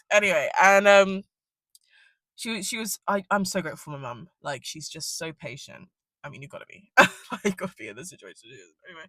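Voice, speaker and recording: A woman's voice: lowish voice, pushed and bright, no room sound. A young woman, rambling casually through a storytime in her car and swearing freely. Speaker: vlogger.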